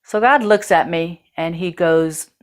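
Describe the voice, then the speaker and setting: Candid low-voiced woman telling her story. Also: measured pace, clean tone. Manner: candid, earthy, with casual swearing. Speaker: host. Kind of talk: personal storytelling.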